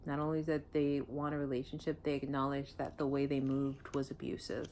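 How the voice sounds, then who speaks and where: Low-voiced woman reading tarot. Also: monotone, brisk, dark tone, slight background noise. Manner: blunt, emotional, swears freely. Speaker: tarot reader. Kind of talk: casual tarot reading to camera.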